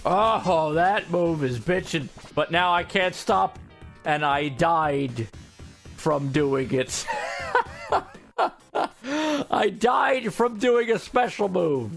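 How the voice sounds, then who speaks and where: Excitable high-voiced male gamer. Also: slow pace, gravelly. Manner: excitable, joking, swears freely, puts on character voices. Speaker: gaming streamer. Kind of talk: casual gameplay commentary. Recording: faint game music behind.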